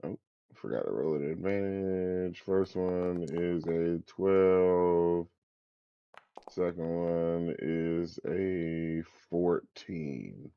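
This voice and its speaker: A man's voice: sits low, very slow, smooth, dull audio. A man playing in a tabletop game, laid-back, counting dice aloud. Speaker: player. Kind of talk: casual game chat.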